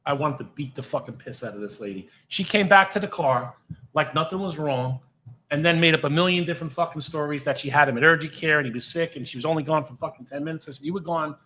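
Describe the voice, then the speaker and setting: A man's voice: on the high side, fast, echoey room, slight background noise, poor audio. Blunt swearing New man. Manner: blunt, heavy swearing, animated retelling. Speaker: former police officer, podcast guest. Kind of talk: casual storytelling.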